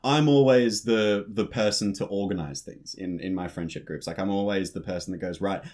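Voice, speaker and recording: A man co-hosting a podcast, talking in chatty, animated bursts with a laugh now and then. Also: deep voice, a little fast. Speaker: podcast co-host. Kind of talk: casual chat.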